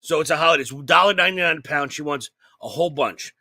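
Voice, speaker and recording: A profane comedian man spinning a long, rambling yarn with a high, gravelly voice. His tone is bright and sharp, close and dry. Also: rapid-fire, dry recording. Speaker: podcast co-host. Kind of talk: comedic storytelling chat.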